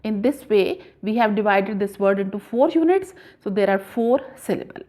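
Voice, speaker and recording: A woman teaching a grammar lesson, explaining slowly and repeating points, with frequent pauses. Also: medium pitch, animated, mellow. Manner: slow, deliberate, repeats points with many "uh" pauses. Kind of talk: classroom lesson explaining syllables.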